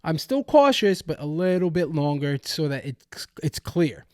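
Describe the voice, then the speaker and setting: A man's voice: a little high, sing-song, unhurried, a little mellow, smooth, no room sound, studio quality. A young man hosting a podcast, giving heated sports commentary as a profane, restless rant full of restarts. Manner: angry ranting, profane, many restarts. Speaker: podcast host.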